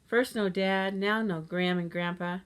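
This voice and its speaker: A woman's voice: mid-range voice, fairly even intonation, unhurried, smooth, natural voice. A woman voicing a glum, frustrated boy in a children's story, with a sulky way of talking.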